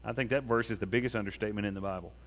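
A man's voice: on the low side, very fast, fairly bright tone. A man preaching a sermon as a pastor, talking in a conversational way and acting out prayers. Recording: long reverb of a large hall.

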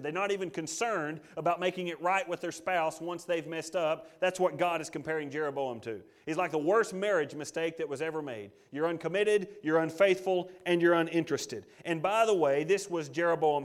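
A man preaching a sermon, emphatic, swinging between loud declarations and hushed asides, and reading scripture aloud. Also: fairly high pitch, normal speed, hardly any pauses. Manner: reads scripture aloud, voices God in quotes. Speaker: pastor.

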